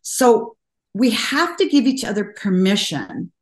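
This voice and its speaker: An older woman speaking as a guest in an interview, telling stories earnestly and getting animated when she quotes people. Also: fairly high pitch, measured pace. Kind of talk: conversational interview. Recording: roomy echo.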